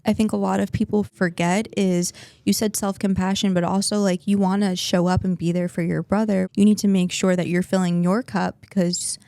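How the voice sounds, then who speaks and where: A woman hosting a casual interview, supportive and attentive. Her voice is mellow and somewhat dark, and the sound is dry and close. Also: medium pitch, flat delivery, moderate pace, creaky, few pauses, no echo. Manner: supportive, frequent "mm-hmm" backchannels. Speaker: podcast host.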